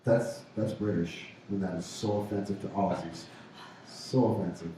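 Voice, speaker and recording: A man co-hosting a casual pub radio show speaks in a low, warm, steady voice at a moderate pace, joking and laughing often. He's recorded from far off in an echoey pub room with faint room noise.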